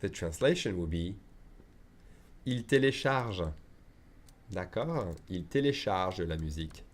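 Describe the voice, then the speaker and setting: A man's voice: low voice, lively intonation, a little slow. A man teaching an online language lesson, chatty and full of asides, often checking in with his students. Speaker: French teacher.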